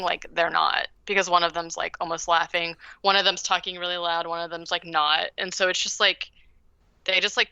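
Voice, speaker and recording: A woman's voice: lowish voice, pushed and bright, clean tone, dry recording, lo-fi sound. A woman co-hosting a podcast, casually recapping a movie in a rambling way, with lots of "like". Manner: rambling, heavy use of "like". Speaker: podcast co-host.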